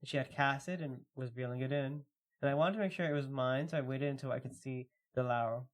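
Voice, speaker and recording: A relaxed man co-hosting a casual podcast, reading stories aloud and chatting between them. His pitch sits in an ordinary middle range, and his delivery is loose and filler-heavy. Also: a little fast. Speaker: podcast co-host.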